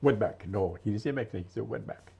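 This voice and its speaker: Gravelly older man, halting and reflective. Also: lowish voice, dark tone. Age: 70s. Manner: halting, slow and thoughtful, many restarts. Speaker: interview guest, military veteran. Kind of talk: reflective interview storytelling. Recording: dull lo-fi recording.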